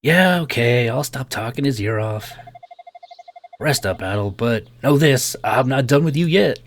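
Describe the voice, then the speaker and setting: A man's voice: medium pitch, lively intonation, unhurried, slight background noise. A man voicing a cocky young man, a doctor's son, with a Southern accent and a brash teasing manner.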